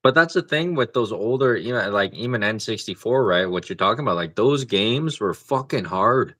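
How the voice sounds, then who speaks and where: A man's voice: on the low side, expressive, normal speed, bright, forceful tone, no echo. A man co-hosting a podcast, chatting casually about video games in a laid-back way and swearing freely. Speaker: podcast co-host. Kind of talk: casual gaming chat.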